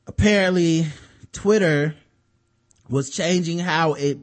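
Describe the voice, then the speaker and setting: A man's voice: fairly high pitch, slow pace. A man co-hosting a podcast, explaining a story in loose, profane casual chat with many restarts. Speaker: podcast co-host.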